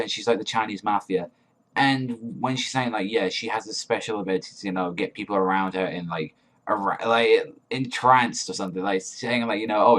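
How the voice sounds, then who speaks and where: Man, lowish voice, casual manga review, rambling, lots of "like", swears.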